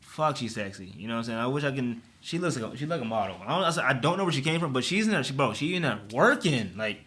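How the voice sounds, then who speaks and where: A man's voice: mid-range voice, animated, fast, fairly bright tone. A young man telling a storytime rant in a casual, profane, slangy way. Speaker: vlogger.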